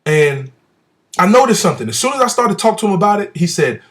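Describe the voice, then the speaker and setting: A man telling a personal story about a church visit at home, acting out the people he quotes with big swings between loud and soft. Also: sits high, sing-song, fast talker. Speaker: speaker recounting a church visit. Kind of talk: animated personal testimony.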